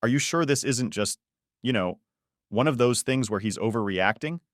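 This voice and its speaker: A man's voice: mid-range voice, lively intonation, moderate pace, no room sound, studio quality, lightly acted. A man reading a cold, scheming stepmother. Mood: dismissive. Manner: tight, falsely sweet, calculating. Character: scheming cold stepmother, middle-aged woman.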